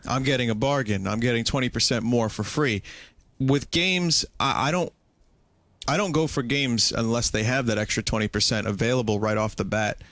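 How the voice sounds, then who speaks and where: A man's voice: medium pitch, normal speed, fairly bright tone, dry recording. A man hosting a podcast, talking in a dry, ironic, mock-serious way. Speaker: streamer and podcast host. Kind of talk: sarcastic comedic chat.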